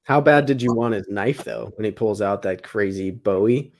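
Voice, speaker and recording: A man talking relaxed on a podcast as a guest, with teasing banter. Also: lowish voice, moderate pace, a little hiss or hum. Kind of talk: casual podcast chat.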